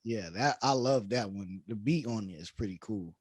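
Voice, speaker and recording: A man hosting a podcast, chatting in a relaxed, enthusiastic way. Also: on the low side, normal speed, slightly rough, no echo, clean studio sound. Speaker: podcast host. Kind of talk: casual conversation.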